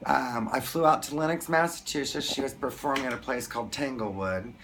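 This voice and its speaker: A man telling a story to camera in a casual vlog, excited and gushing, often restarting his sentences. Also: medium pitch, fairly quick, noisy background. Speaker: vlogger.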